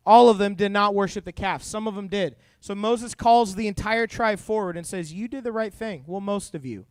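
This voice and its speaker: A young man in the role of youth pastor, giving an animated Bible talk to a youth group, full of jokes and acted-out voices. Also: high voice, clear, resonant tone, no room sound, studio quality.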